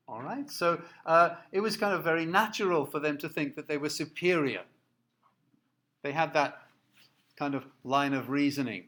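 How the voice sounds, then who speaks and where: Halting lecturer, fairly high male voice. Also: fairly bright tone. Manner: halting, many fillers and restarts; explanatory, asks listeners to look at slides. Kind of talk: recorded lecture.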